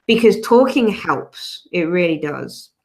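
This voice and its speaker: A woman's voice: lowish voice, slow pace. Chatty woman host, thirties, tells stories and does the voices in her quotes. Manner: animated storyteller, acts out quotes. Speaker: podcast host. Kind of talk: casual podcast conversation.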